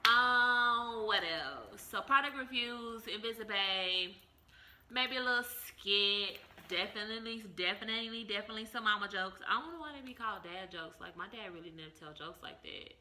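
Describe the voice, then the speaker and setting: A woman's voice: medium pitch, normal speed, bright, forceful tone. A woman in her thirties talking casually to the camera as a vlogger, playful and over the top. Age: 30s. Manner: playful, over-the-top, self-described extra.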